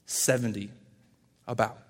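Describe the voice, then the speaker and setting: A man pastor giving a casual, conversational sermon and acting out quoted lines in lively voices. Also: mid-range voice, measured pace, big-room sound.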